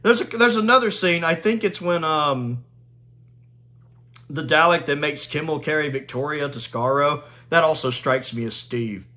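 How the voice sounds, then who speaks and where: A man's voice: fairly high pitch, normal speed, sharp tone. A man giving a casual spoken video review, gleeful and chatty, laughing often and filling his talk with "like".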